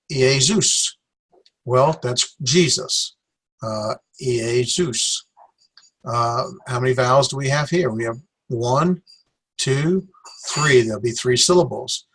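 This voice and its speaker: A man teaching a Greek class in a classroom lecture, halting with many fillers as he sounds out syllables slowly. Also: medium pitch, a bit bright.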